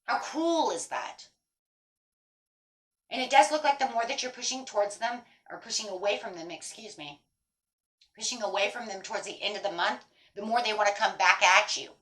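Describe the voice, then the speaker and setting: A woman's voice: mid-range voice, fairly quick, fairly bright tone, low-quality recording. Blunt, emphatic woman tarot reader. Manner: emphatic, blunt, swears freely. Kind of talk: tarot reading monologue.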